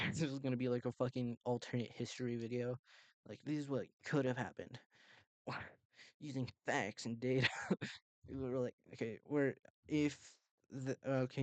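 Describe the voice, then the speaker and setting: Young male commentator, mid pitch, loose rambling delivery with swearing and heated spikes, dry room. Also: darkish tone, dry recording. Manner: rambling, profane, laughs often, heated bursts. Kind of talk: casual reaction commentary.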